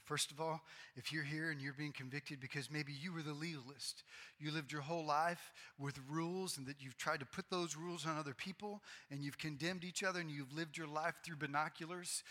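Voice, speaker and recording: A pastor in his forties preaching a sermon to his congregation, earnest and bursting into loud, excited outbursts. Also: on the high side. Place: church sanctuary. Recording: long reverb of a large hall.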